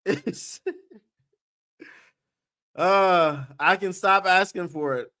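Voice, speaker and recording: A man with a high voice, speaking very slowly, hosts a live sports watch-party stream. He often shouts and whoops with excitement and laughs.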